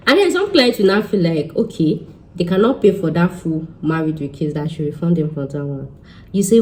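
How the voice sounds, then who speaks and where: A woman's voice: on the low side, animated, a little fast, dark tone, poor audio. A young woman with a Nigerian accent, an immigration consultant talking casually and emphatically to her followers, slipping in Yoruba phrases. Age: young adult.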